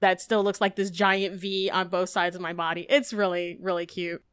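Bubbly podcast co-host, smooth voice. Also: female voice, fairly low pitch, flat delivery, normal speed, a bit bright, no echo, clean studio sound. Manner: bubbly, lots of "like" and laughs. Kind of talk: casual chat.

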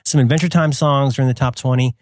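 A middle-aged man chatting as a podcast co-host, playful and animated, slipping into goofy bits. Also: medium pitch, fast talker. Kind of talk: casual chat.

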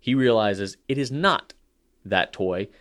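A man in his thirties with a drawl, co-hosting a podcast in relaxed chat. He wanders through his stories with plenty of ums and uhs, then gets animated when he acts out a scene. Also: fairly low pitch, slow pace. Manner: rambling storyteller, many fillers. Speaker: podcast co-host. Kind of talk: casual chat.

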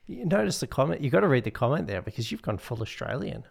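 A man co-hosting a podcast, chiming in with quick joking asides. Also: medium pitch, very animated, vocal fry. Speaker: podcast co-host. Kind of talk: casual podcast banter.

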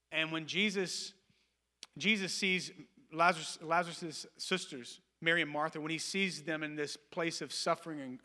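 A man preaching a sermon as pastor, earnest and animated, often restarting his words. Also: high voice, in a large hall.

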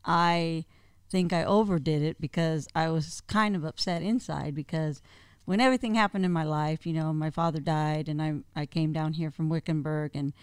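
A guest speaking hesitantly and openly in a personal conversation, pausing with fillers. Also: medium pitch, smooth, no echo, clean studio sound. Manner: hesitant, open, reflective.

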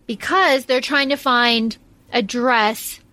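A woman co-hosts a casual film podcast and gushes about favorite scenes with easy swearing. Her voice sits a little high. The recording is dry and close. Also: slow, sharp tone, no room sound. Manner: enthusiastic, gushing, swears casually. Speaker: podcast co-host.

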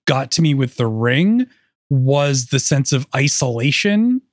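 A man's voice: mid-range voice, big pitch swings, a little slow, no echo, studio quality. A man co-hosting a podcast in casual chat, talking hesitantly with lots of "like" fillers. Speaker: podcast co-host.

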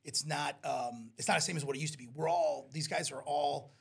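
Male interview guest, raspy and gravelly, animated storyteller. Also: fairly high pitch, brisk. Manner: animated storyteller, acts out quotes. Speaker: wrestling promoter guest. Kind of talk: casual interview chat.

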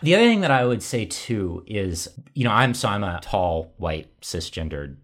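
A man's voice: on the low side, sing-song, moderate pace, fairly bright tone. A middle-aged man, a company executive, answering interview questions in a thoughtful, self-deprecating way with frequent restarts.

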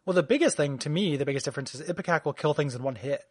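A man's voice: on the high side, animated, rapid-fire, a little mellow, no echo, clean studio sound. A man co-hosting a casual gaming podcast, chatty and rambling. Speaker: podcast co-host.

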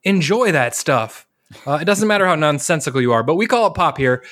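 A man with a Northwest Ohio accent co-hosting a casual podcast chat, relaxed and joking, reading quotes aloud. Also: a little high, fairly quick. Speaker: podcast co-host.

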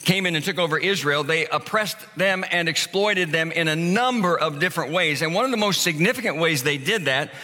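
A man's voice: fairly high pitch, brisk, few pauses, sharp tone. A man preaching a sermon in a church, telling stories in a conversational way and acting out the lines of people in them. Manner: conversational storytelling, acting out dialogue. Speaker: pastor. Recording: long hall reverb.

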